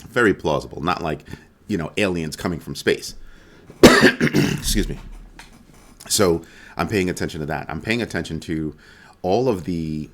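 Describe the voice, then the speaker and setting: A man's voice: sits low, a little slow, pauses often, a bit bright. A man hosting a casual weekly crypto roundup, talking loosely and conversationally with frequent ums and self-corrections. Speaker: crypto video host.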